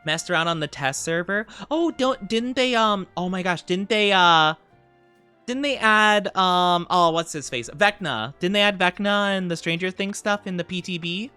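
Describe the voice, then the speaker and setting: A man's voice: sits high, normal speed, sharp tone, smooth, soft background music. A man streaming as a VTuber, chatting casually with viewers, greeting them sweetly and playing up mock offense when teased. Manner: playful, mock-offended teasing. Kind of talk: casual livestream chat.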